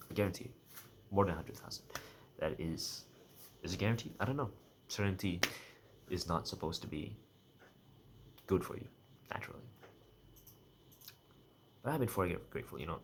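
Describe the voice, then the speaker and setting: A young adult vlogger with a deep, low-pitched voice speaks directly to camera in a loose, rambling monologue, half-joking and repeatedly restarting or correcting himself. Faint ambient hum sits in the background.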